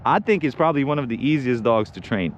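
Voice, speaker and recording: A man's voice: medium pitch, animated, quick pace, lo-fi sound, a little hiss or hum. A man chatting casually on an outdoor livestream while training his dog, rambling with restarts and giving short firm commands. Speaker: dog owner and co-host. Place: outdoors in a park.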